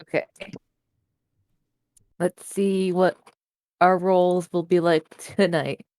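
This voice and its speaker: A woman playing a tabletop game, talking in a low-key, matter-of-fact way. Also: level tone, slow, darkish tone, no echo. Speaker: player. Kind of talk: casual tabletop game chat.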